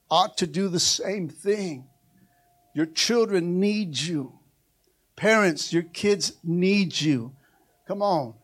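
An older man, a pastor, preaching a sermon with fervent energy, often calling out "amen" and rising to shouts. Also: sits high. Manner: energetic preaching with frequent "amen" and "come on, somebody", climbing to shouts.

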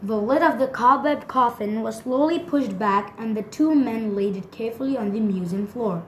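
A woman's voice: fairly high pitch, moderate pace, fairly bright tone, a little hiss or hum. A woman narrating a children's storybook, reading steadily with small stumbles over hard words. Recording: echoey room.

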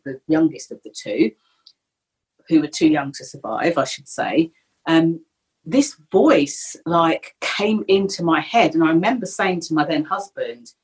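Low husky woman telling a story. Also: low-quality recording. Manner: candid, reflective, animated when retelling. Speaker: guest. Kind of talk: personal storytelling in a podcast interview.

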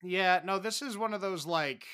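A man co-hosting a podcast in casual chat, animated and given to exaggerated, dramatic outbursts. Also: high voice, moderate pace, clean tone. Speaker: podcast co-host.

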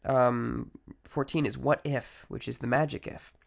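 A man of middling pitch talks alone into a podcast mic with a gravelly edge to his voice. He is reflective and conversational, stopping to correct himself and filling gaps with ums. When he quotes other people, he drops lower and quieter. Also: steady tone, a little slow. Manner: reflective, conversational, with many fillers and self-corrections. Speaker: podcast host. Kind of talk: solo podcast monologue on mental health.

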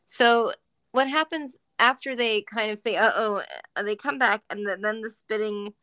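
A woman's voice: on the high side, moderate pace, pushed and bright, no room sound. A woman co-hosting a podcast, chatting casually and animatedly with lots of giggles, fillers and swearing. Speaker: podcast co-host. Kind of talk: casual chat.

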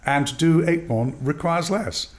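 A man's voice: fairly high pitch, measured pace. An older man, an actor and drama teacher, telling anecdotes in an interview, acting out dialogue and laughing often. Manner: animated, acts out dialogue in voices, laughs often. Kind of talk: storytelling interview.

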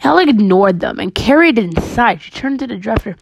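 A woman podcast storyteller reading a spooky comic tale with brisk, deadpan narration. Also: fairly high pitch, vocal fry, slight background noise, low-quality recording.

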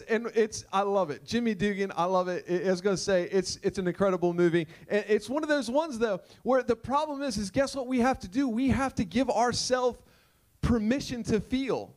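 A man's voice: high voice, a little fast. A male pastor delivering a conversational sermon, emphatic and full of repeated rhetorical questions.

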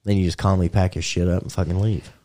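A man's voice: deep voice, level tone, fast talker, dark tone. A man in casual chat, joking crudely, laughing often and acting out what he would say in made-up situations.

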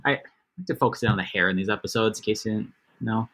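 Male co-host, casual chat, wry asides, bright tone. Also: lowish voice, fast talker. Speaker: podcast co-host.

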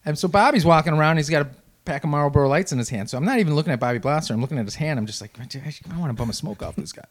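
Fast-talking man from the Chicago area. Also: on the high side. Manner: fast, profane, rambling. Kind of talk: casual storytelling chat.

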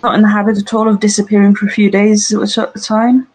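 A player in a tabletop role-playing game, calm and questioning. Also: mid-range voice, quick pace, breathy edge.

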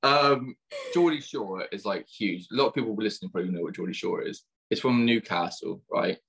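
A man's voice: deep voice, a little fast, vocal fry, slight background noise. A young English man, a dating coach, chatting casually and full of British slang. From England. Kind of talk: casual chat.

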